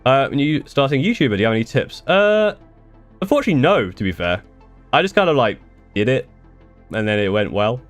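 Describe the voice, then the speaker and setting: A young man from the United Kingdom chats on a live stream at a fairly quick pace, his medium-pitched voice swinging widely in pitch. He rambles through viewer questions, restarting and swearing occasionally, with faint music in the background.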